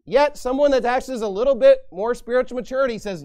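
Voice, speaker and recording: A man's voice: very high-pitched, quick pace, few pauses, warm tone. A man pastor preaching a sermon in an emphatic, repetitive style.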